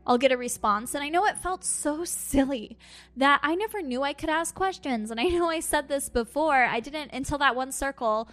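A woman on a podcast, casually telling a personal story with animated asides and acted-out quotes. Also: high voice, normal speed, soft background music. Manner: animated storytelling, acts out her own quotes with laughs. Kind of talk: casual chat.

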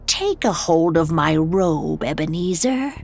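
A woman voicing a small, ageless ghost who speaks in a steady, calm voice in an audio drama story. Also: low voice, takes it slowly, creaky, soft background music, full character voice.

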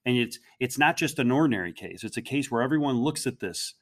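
A man's voice: mid-range voice, expressive, fast talker. A man co-hosting a history podcast, talking things through and drawing comparisons. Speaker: podcast co-host.

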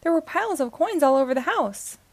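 A woman's voice: high voice, expressive, brisk, dry recording, voice pushed up. Storybook space ranger toy, male, earnest and direct, read by a woman.

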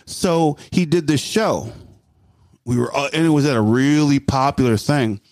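A man telling a story in casual podcast chat, animated and profane, mimicking voices as he goes. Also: mid-range voice, unhurried, dry recording. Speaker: guest storyteller.

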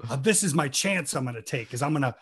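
A man, a guest on a rewatch podcast, telling lively behind-the-scenes stories and acting out quotes. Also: medium pitch, fast talker, husky. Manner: animated, acts out quotes with swearing. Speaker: podcast guest, actor from the show. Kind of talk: casual storytelling.

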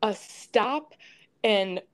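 Laughing, animated young woman storyteller. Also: medium pitch, very slow. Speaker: podcast co-host. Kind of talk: casual storytelling chat.

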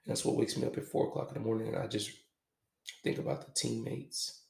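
A man hosting a podcast, talking in a halting, reflective, casual way with some swearing. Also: on the low side, little pitch movement, creaky, a little mellow. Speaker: podcast host. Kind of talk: confessional podcast monologue. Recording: echoey room.

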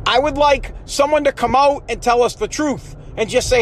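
A man's voice: very high voice, moderate pace, hardly any pauses, a little hiss or hum. A man hosting a solo podcast, ranting in an aggravated, profane way with many restarts, recorded in his car. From United States. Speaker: podcast host. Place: in a parked car.

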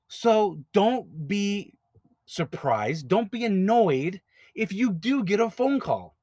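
A man's voice: high-pitched, big pitch swings, a little slow, darkish tone, dry recording. A man hosting an advice podcast, talking casually and directly, often repeating words as he explains. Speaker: podcast host, notary signing agent business owner.

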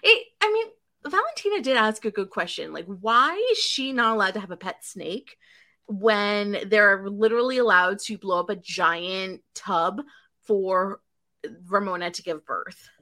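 A woman co-hosting a podcast, recapping a show in a chatty, animated way with lots of fillers. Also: medium pitch, unhurried. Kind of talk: casual chat.

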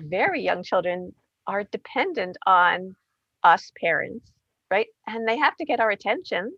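A woman's voice: medium pitch, creaky, a bit bright, breathy edge, no room sound, muffled recording. A woman, co-author of a parenting book, talking casually and often checking in with "right?" and "you know". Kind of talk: casual conversational explanation.

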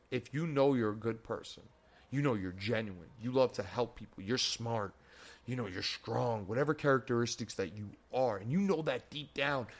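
A young man co-hosting a casual talk show, speaking emphatically and often tagging his points with "right?". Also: mid-range voice. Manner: emphatic, repeats points and tags lines with "right?". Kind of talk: casual chat.

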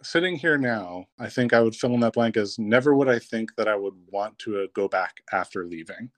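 A man, a guest on a podcast, tells a funny camp story in a lively, casual way and laughs as he goes. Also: on the low side, brisk, no echo. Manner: lively, laughs while telling stories.

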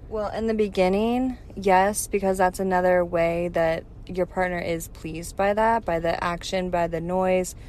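A woman co-hosting a casual chat, calmly explaining a technique step by step with frequent ums. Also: fairly low pitch, measured pace, few pauses. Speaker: podcast co-host giving advice. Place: parked car.

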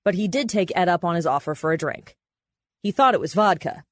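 Low-voiced woman reporter narrating, dry sound. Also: animated, dry recording. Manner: measured, matter-of-fact storytelling. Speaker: reporter and podcast host. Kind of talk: scripted narration.

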